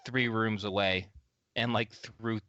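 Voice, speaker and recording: Bright-voiced male game master. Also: on the low side, slow, no room sound, dull audio. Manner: relaxed, filler-heavy narration. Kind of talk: narrating a tabletop game.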